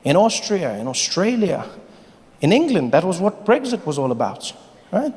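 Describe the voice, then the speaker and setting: A man's voice: sits high, moderate pace, husky. A South African man performing a stand-up comedy set, telling stories animatedly and acting out voices. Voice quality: animated storytelling, acts out voices. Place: stage in a large hall with live audience. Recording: live hall reverb with audience noise.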